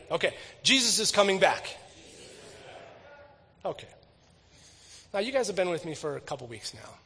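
A man preaching a sermon as a pastor. He swings from eager, quick bursts to near-whispered emphasis. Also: on the high side, a bit bright, breathy edge, long reverb tail.

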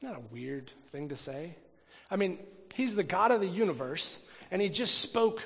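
Guy preaching in a big echoey hall, loud then almost whispering, keeps repeating words. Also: high voice, fairly quick. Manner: animated, swings from loud emphasis to hushed near-whisper; repeats and restarts words while thinking aloud. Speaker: pastor. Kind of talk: sermon.

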